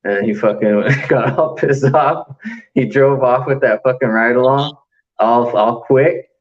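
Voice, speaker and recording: A man's voice: medium pitch, a little slow, dull audio. A man hosting a casual late-night chat, telling stories full of swearing and laughter. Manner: profane, laughing storyteller. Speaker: host.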